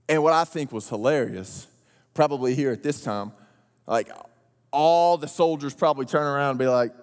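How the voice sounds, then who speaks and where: A man preaching a sermon, telling the story in a joking, animated way with slang and acted-out voices. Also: mid-range voice, moderate pace. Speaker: pastor. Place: large church auditorium. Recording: long hall reverb.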